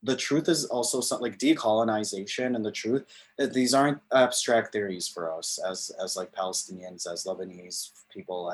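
A man talking in a casual conversation, passionate and emphatic, with many "like" fillers. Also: fairly low pitch.

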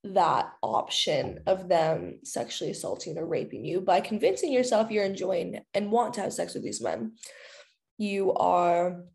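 A woman's voice: lowish voice, expressive, a little slow, vocal fry, darkish tone. A woman hosting a podcast alone, talking frankly in a candid, chatty, jokey way. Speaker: podcast host. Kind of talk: candid solo chat.

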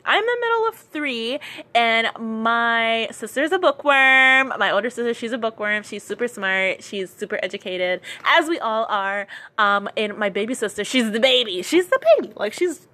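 A woman's voice: fairly high pitch, animated, normal speed, bright, forceful tone. Chatty young Southern businesswoman. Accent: light Gullah Geechee, Lowcountry South Carolina. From Charleston, South Carolina. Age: young adult. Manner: chatty, many fillers, repeats lines for emphasis. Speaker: business owner telling her story. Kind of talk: casual personal storytelling.

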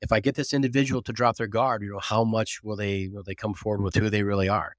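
A man with a fairly low voice talks in a casual podcast interview, spinning animated stories with frequent restarts. The sound is dry and close, with no room around it. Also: fast talker, dry recording. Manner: animated storyteller, lots of restarts and "you know". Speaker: guest, agribusiness recruiting consultant.

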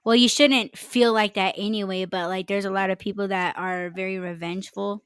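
A woman's voice: mid-range voice, fairly even intonation, normal speed, clear, resonant tone, no echo, clean studio sound. A woman hosting a casual podcast, giggling often as she reads out numbered tips. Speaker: podcast host.

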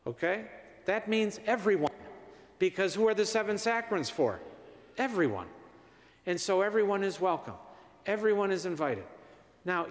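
A priest giving a conversational homily in a church; he asks the congregation questions, repeats himself for emphasis and sounds tired. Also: high voice. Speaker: visiting priest. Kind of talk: parish mission homily. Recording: long church reverb.

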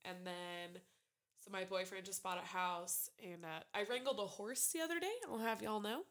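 A woman's voice: medium pitch, normal speed. A young woman chatting casually among friends, telling long stories with lots of swearing. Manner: animated storyteller, swears freely. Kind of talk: casual chat.

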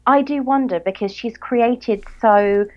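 A woman's voice: on the high side, measured pace, muffled recording. A woman from England with a Southern English accent, co-hosting a casual book chat in a dry, self-mocking way and laughing often. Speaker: podcast co-host.

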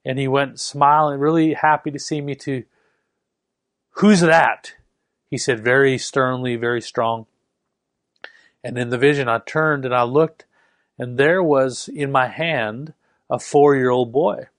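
A middle-aged man delivers a sermon in an earnest, emphatic way, dragging out key phrases for weight. His voice sits at an ordinary pitch and is recorded close and dry, with no room sound around it. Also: no echo. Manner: earnest, with slow emphatic stresses. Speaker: preacher.

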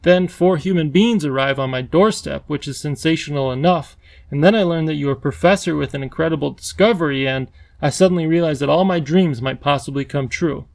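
Guy doing a lispy bouncy creature king, higher than his normal voice, a bit gravelly, storybook style. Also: brisk. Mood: pleading. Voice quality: lisping. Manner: excitable, bouncy, pleading. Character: lonely eager male Wangdoodle king creature.

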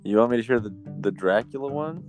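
A man's voice: medium pitch, expressive, fast, darkish tone, soft background music. A man chatting casually about voice acting, using many fillers, and also reading a novel aloud. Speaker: amateur voice actor.

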